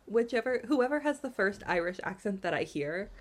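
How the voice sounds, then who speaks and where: A woman's voice: medium pitch, animated, normal speed. A woman from the United States co-hosting a podcast, chatting in a rambling, casual way. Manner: rambling, laughs often. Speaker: podcast co-host. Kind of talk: casual chat.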